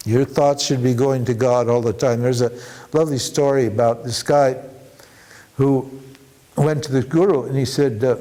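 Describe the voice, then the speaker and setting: A man's voice: mid-range voice, measured pace, pauses often, dark tone. A man teaching a workshop on devotion, with chuckling asides and frequent rhetorical "huh?" as he tells stories. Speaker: spiritual teacher.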